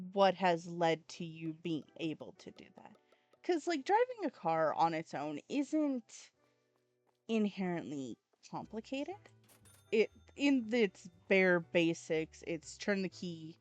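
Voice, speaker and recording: Woman gaming, rambling along slow and easy, dry close sound, soft music under. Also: on the low side, no room sound. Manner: rambling, swears casually. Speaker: gaming channel host. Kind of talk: casual gameplay chat.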